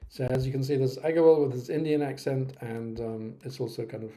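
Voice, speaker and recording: A man presenting a software tutorial to teachers, talking casually with frequent hesitations. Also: medium pitch, brisk. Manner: relaxed, hesitant, many ums. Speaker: teacher-trainer presenting a platform. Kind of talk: casual screen-recorded tutorial.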